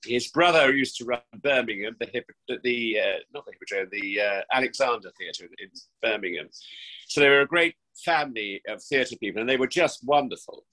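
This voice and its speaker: A man's voice: medium pitch, brisk, bright, forceful tone, poor audio. A man in his sixties, an actor from England's West Country, chatting effusively and theatrically as an interview guest, with frequent restarts. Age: 60s. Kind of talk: remote interview chat. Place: home during lockdown.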